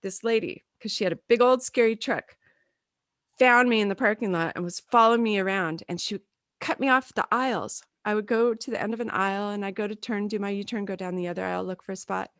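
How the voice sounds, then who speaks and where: A woman in her thirties chats on a podcast, caught dry and close on the mic. She is an animated storyteller who slips into the voices of the people in her stories. Her pitch sits in a middle range. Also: fast talker, dry recording. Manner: animated storyteller, acts out quotes. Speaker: podcast co-host. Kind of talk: casual chat.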